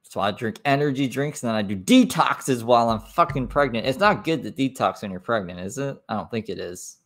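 A man's voice: medium pitch, animated, a little fast, a bit bright. A man reacting to a video on a live stream, making sarcastic, mocking asides in a casual way.

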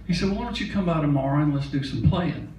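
A man's voice: fairly high pitch, quick pace, darkish tone, a little hiss or hum. An older man from Mississippi telling a folksy, chatty story on a concert stage, laughing now and then. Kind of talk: onstage storytelling. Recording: echoey concert hall from a distance.

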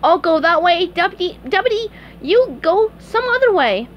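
A woman reading aloud and voicing a cheerful, eager sea sponge boy in an excited, self-important way. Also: extremely high pitch, normal speed, dull audio, slight background noise, pitched above the performer's own voice. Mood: bossy.

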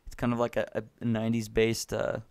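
A man's voice: on the low side, monotone, fairly quick, darkish tone, clear, resonant tone. A man co-hosting a podcast who chats casually and chimes in with short quips. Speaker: podcast co-host. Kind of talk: casual chat.

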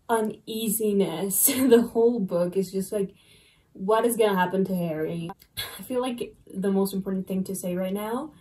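A woman chatting in a casual vlog, animated and swearing freely as she reacts to a book. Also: medium pitch, breathy edge. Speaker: book vlogger.

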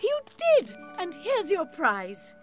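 Brief: a gentle cartoon aunt, high, swooping, slow, loud music behind. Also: female voice, wildly swooping pitch, heavily acted. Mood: encouraging. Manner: gentle and singsong. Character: kindly grown-up aunt animal, warm and wise. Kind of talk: cartoon voice acting.

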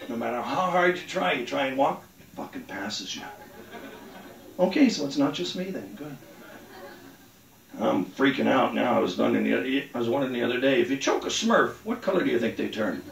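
A man's voice: medium pitch, animated, fairly quick, vocal fry. A man doing a rambling, crude stand-up set on a comedy club stage. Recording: roomy club sound, mic at a distance.

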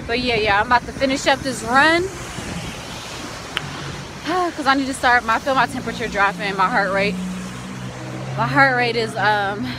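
Against a noisy background, a woman with a slightly high voice speaks at a moderate pace, pausing often. She chats and tells stories in a casual vlog, greeting viewers as "y'all," walking by a lake before cooking at home.

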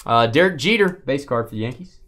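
A man in the middle of a live card break, chatting loosely with his co-host. He calls out each card as it comes, jumping up in pitch when something good lands. His voice swings around a lot. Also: fairly quick. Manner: bantering, calls out cards with bursts of excitement.

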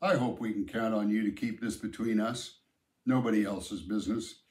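A man reading the part of a middle-aged father who speaks in a calm, steady way. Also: on the low side, normal speed, distant mic, close to an everyday voice. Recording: roomy echo.

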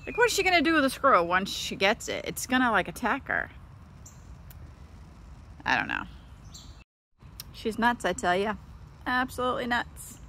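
A woman's voice: fairly high pitch, huge pitch swings, normal speed, pauses often, sharp tone, slight background noise. A middle-aged woman vlogging casually outdoors in her backyard, chatting to viewers and calling to her cat. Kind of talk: casual vlog chat.

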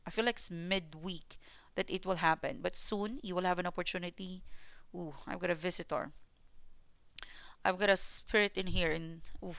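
A woman's voice: on the low side, steady tone, normal speed, gravelly, fairly bright tone, no room sound. A woman with a mixed Filipino and New Zealand accent, giving a tarot reading to viewers in a repetitive, reassuring way. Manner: repetitive and reassuring, often adding "okay?". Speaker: tarot reader.

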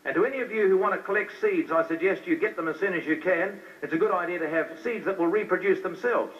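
A man with a high voice talks fast, preaching a fiery sermon with fervor and firing rhetorical questions straight at the crowd. The recording is dull, lo-fi, and captured from a distance.

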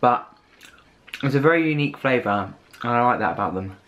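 British man, mid pitch, eager and chatty, casual snack-review vlogger. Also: animated, brisk, fairly bright tone. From United Kingdom. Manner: chatty and enthusiastic. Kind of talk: casual food haul taste test.

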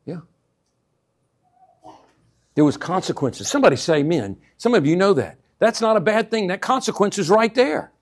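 Male pastor, higher-pitched voice, call-and-response sermon delivery with sudden loud emphasis. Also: big pitch swings, moderate pace, long pauses. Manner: swings between hushed asides and loud emphatic bursts; call-and-response, repeats 'amen?' to the congregation.

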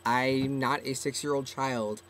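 A man's voice: mid-range voice, fairly even intonation, a little slow, fairly bright tone. Teen boy vlogger, seventeen, rambly and self-deprecating, talking from a closet with a faint hiss behind. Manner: rambling, self-mocking, trailing off. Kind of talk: casual webcam vlog. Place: small closet, indoors.

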